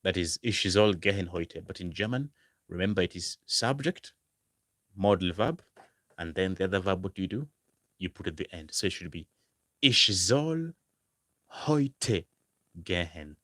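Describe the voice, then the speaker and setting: A man teaching a language lesson, repeating example phrases slowly and stressing each word. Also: sits low, no room sound, clean studio sound. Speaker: German language tutor. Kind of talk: slow, repetitive language lesson.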